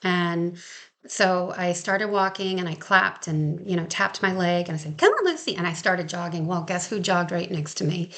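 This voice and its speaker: Chatty woman with a gravelly voice. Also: on the low side, little pitch movement, moderate pace, fairly bright tone. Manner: chatty, laughs often, acts out quotes. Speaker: dog trainer. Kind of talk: casual storytelling. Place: Maine.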